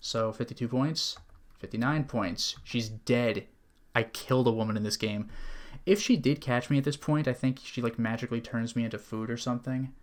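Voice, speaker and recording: A man's voice: mid-range voice, normal speed, few pauses. A man streaming an old computer adventure game, chatting wryly and reading the game's text aloud. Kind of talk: casual gameplay commentary.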